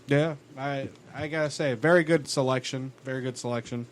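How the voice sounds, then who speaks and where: A man's voice: mid-range voice, steady tone, brisk. A man co-hosting a casual chat show, rambling with many restarts, swearing and laughing as he talks. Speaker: podcast co-host.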